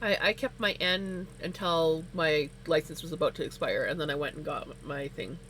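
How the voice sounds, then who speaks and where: A woman hosting a casual livestream, chatting while she knits and telling stories with lots of laughter. Her voice shoots up high when she gets excited. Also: normal speed, slight background noise, rough recording. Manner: animated storyteller, laughs often, voice climbs high when excited. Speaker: livestream host. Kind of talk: casual chat while knitting on stream.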